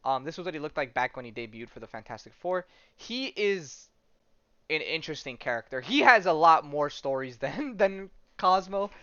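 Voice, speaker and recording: A podcast host with a slightly high, expressive voice chats casually at normal speed. His tone is a bit bright, his talk wanders with many fillers and restarts, and the sound is dull and dry.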